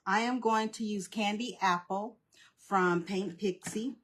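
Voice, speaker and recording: A woman's voice: mid-range voice, measured pace, slight background noise. A woman with a mid-range voice hosting a live crafting stream, chatting informally with viewers. She greets people by name and keeps saying how nervous she is. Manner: informal, uses "y'all" and "girl". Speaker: craft livestream host. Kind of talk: casual live craft demo chat.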